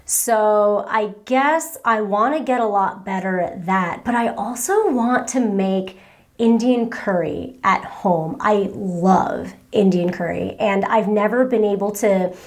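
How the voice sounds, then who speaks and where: A woman's voice: mid-range voice, slow. A woman in her thirties from the United States, chatting casually and giggling as she reads out and answers viewer questions. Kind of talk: casual Q and A chat.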